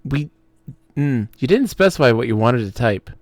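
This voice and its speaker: Gravelly, jokey male game streamer. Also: medium pitch, lively intonation, normal speed, dry recording. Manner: jokey, easily laughing, rambling. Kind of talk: casual joking chat during a gameplay stream.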